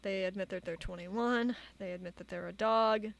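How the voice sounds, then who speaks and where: A woman streamer giving casual commentary, reading out chat logs in a halting way with many fillers. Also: medium pitch, vocal fry. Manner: halting, many fillers, reads quotes flatly.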